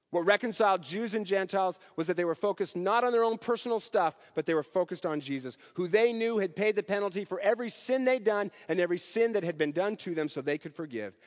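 Man preaching a sermon in a reverberant hall. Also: on the high side. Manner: earnest, rising and falling emphasis, ending in prayer.

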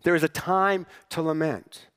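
A pastor preaching a sermon in church, conversational and wry, with rhetorical questions to the congregation. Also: male voice, fairly high pitch, fairly even intonation, measured pace, fairly bright tone, smooth, in a large hall. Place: church sanctuary.

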